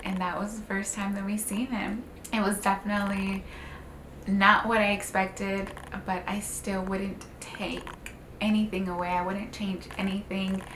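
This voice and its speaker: A woman's voice: medium pitch, little pitch movement, unhurried, a bit bright, a little hiss or hum. A young woman, a new mother, telling her birth story in a casual, emotional vlog with lots of "like" and "um.". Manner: emotional, tender, many "like" and "um" fillers. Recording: slightly roomy with faint ambience.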